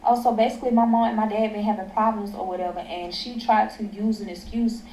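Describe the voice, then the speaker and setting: A woman's voice: medium pitch, fairly even intonation, fast talker, warm tone, slight background noise. Young woman, echoey and far off. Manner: blunt, heavy swearing, emphatic. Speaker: storyteller in a clip being reacted to. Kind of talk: profane storytime rant. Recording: echoey, distant mic with faint ambience.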